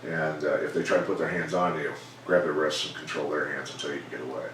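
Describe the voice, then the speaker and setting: Low-voiced middle-aged fight coach, measured plain talk, echoey room, faint hiss behind. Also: male voice. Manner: measured, plainspoken, animated when quoting others. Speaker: MMA coach and former fighter. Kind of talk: casual storytelling interview. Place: gym. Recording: echoey room, mic far off.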